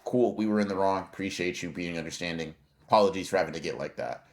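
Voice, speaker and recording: Young male podcast co-host, low-pitched, animated slangy storyteller. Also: fast, noisy background. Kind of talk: casual storytelling chat.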